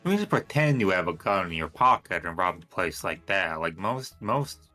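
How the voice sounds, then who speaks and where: A man's voice: low-pitched, sing-song, moderate pace, pushed and bright, soft background music. A man playing a tabletop game, making dry, questioning remarks. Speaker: player.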